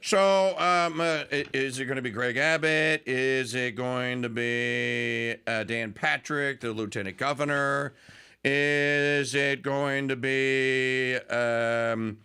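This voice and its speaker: A man's voice: mid-range voice, fairly even intonation, slow, sharp tone, clean tone. A man hosting a political talk radio show, delivering a sarcastic, mocking monologue and sometimes mimicking politicians.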